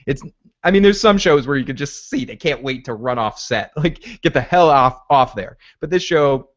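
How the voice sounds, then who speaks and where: A man hosting a podcast, rambling excitably through a casual recap of a TV episode, with frequent restarts. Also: medium pitch, moderate pace, dull audio. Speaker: podcast host.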